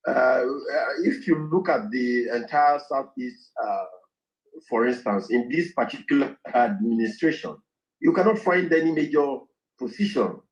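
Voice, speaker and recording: A man making a formal argument in a played clip, laying out his points in measured lists. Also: medium pitch, animated. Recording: dull lo-fi clip.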